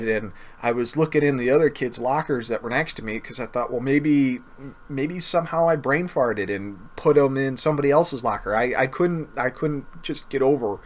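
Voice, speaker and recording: A man casually telling a personal story to camera, earnest and often repeating himself or stumbling over words. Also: mid-range voice. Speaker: gaming video creator.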